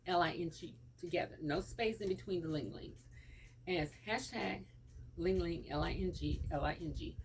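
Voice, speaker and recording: A woman's voice: on the low side, normal speed, a little hiss or hum. A woman hosting a casual lunchtime vlog from her home, eating and telling stories in a chatty way through the camera mic. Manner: chatty storyteller, animated when quoting others.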